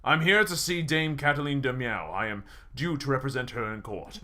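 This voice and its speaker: A man voicing an awkward, polite male falcon lawyer in a game, halting with many hesitations. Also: mid-range voice, sharp tone, close to an everyday voice.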